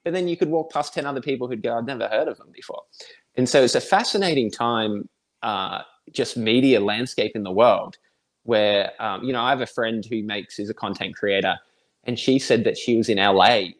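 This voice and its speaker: An Australian man in his thirties, a podcast guest who thinks aloud in a relaxed, reflective way with many fillers. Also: lowish voice, normal speed. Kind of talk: casual conversation.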